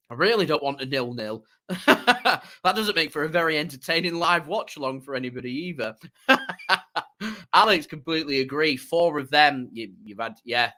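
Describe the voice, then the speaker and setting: A man runs a live fan watchalong, thanking viewers by name and chatting easily. His voice sits at a middle pitch. Now and then he shifts into steady play-by-play match commentary. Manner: chatty, reads out viewer messages, laughs easily. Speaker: fan channel host doing a live watchalong. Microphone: desk microphone.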